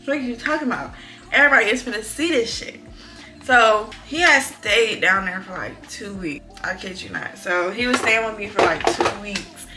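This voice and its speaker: A young woman, telling a storytime vlog in an animated, profane, exclamatory way. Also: medium pitch, normal speed, over music. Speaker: vlogger. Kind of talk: casual storytime.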